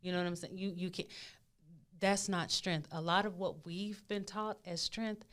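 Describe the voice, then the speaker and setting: Animated low-voiced woman, smooth tone. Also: normal speed. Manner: animated, acts out inner voices, repeats phrases. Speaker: podcast guest, spiritual advisor. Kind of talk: casual podcast conversation.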